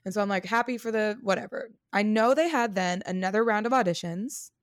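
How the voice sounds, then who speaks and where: A woman performer, a guest on an interview show, telling an audition story casually. She is animated and chatty, laughs often and uses many fillers. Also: medium pitch, brisk, no room sound, studio quality.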